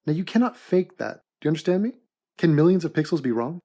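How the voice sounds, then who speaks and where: A man hosting an animated comedy commentary in a mock-serious, deadpan sarcastic manner. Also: a little high, fast. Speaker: host and narrator of an animated commentary.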